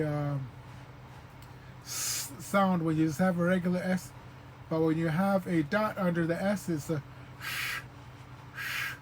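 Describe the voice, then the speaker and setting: A man with a fairly high voice teaches a language lesson at an easy, patient pace. He repeats each sound slowly and fills pauses with um and uh. Faint background noise sits under the recording. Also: a little mellow, poor audio. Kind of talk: informal spoken lesson.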